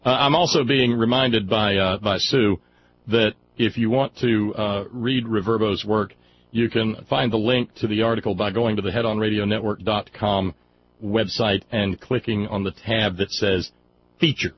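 A man's voice: on the low side, steady tone, moderate pace. A man hosting a call-in radio talk show, wry and folksy, blunt with a bit of mild cursing. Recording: dull lo-fi radio audio with faint noise.

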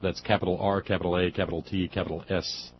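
Sarcastic low-voiced radio host, lo-fi. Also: male voice, flat delivery, fast talker. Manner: sarcastic, combative, many fillers and restarts. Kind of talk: political talk radio monologue. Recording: dull lo-fi radio audio with faint noise.

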